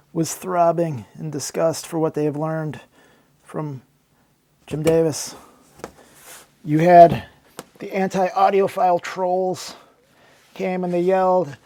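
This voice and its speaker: A man narrating a sarcastic, mock-dramatic story as a comedic vlog. His voice is high for a man and gravelly throughout. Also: darkish tone.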